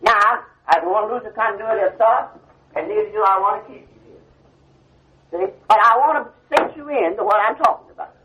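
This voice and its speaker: A man's voice: high voice, moderate pace, bright, forceful tone. An older man preaching to a class, stopping again and again to ask whether his listeners see the point. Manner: call-and-response, keeps asking "you see?". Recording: dull old 1970 lecture tape.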